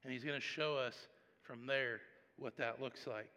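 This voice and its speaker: Bright-voiced pastor preaching in a reverberant hall. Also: male voice, medium pitch, measured pace. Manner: conversational storytelling, animated swings in loudness. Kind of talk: sermon.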